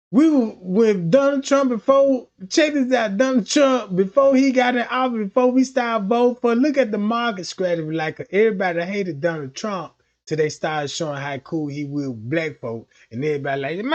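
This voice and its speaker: A man's voice: sits high, normal speed, darkish tone, muffled recording. A man on a livestream runs through a comedic rant full of profanity and slang. He rambles from one point to the next and keeps cutting himself off. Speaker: livestream host.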